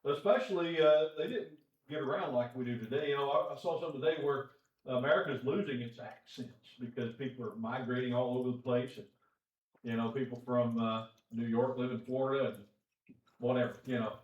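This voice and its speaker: Folksy preacher in an echoey church. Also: male voice, medium pitch, a little fast. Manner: folksy, conversational, chuckles often. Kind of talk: Bible class teaching. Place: church auditorium. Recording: echoey church room, distant dull mic.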